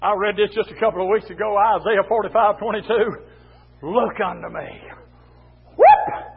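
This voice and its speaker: A man preaching a fiery revival sermon in a church, his voice pitched very high for a man. He chants in rhythmic bursts, slips an "uh" between phrases, and shouts his refrains. It all comes through thin and tinny, like a phone line. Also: brisk, breathy edge.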